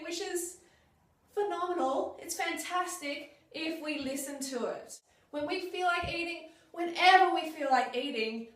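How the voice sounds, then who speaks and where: High-voiced emphatic woman vlogging, echoey. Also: distant mic. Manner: emphatic, animated, mimics her own brain's voice. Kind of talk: casual talk to camera. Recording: very echoey room, away from the mic.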